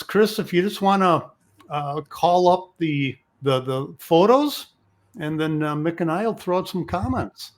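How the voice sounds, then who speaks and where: Male podcast host, a bit high-pitched, conversational, leads with questions. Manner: steers the conversation, asks questions. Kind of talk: casual chat.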